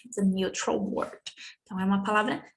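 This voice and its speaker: A young Brazilian woman, a native Portuguese speaker with a Brazilian accent, teaching English family words in a slow bilingual lesson, drawing out and repeating each word. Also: mid-range voice, fairly even intonation, creaky. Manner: slow, drawn-out repetition of words for students.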